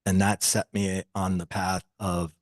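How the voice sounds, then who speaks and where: Man, low voice, dry close sound, animated storyteller, acts out dialogue. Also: measured pace, no echo. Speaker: podcast guest. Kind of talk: personal storytelling.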